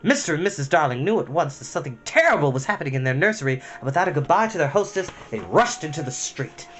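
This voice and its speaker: A man reading a storybook aloud at bedtime, expressive and dramatic with a gentle touch. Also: a little high, quick pace, faint music behind.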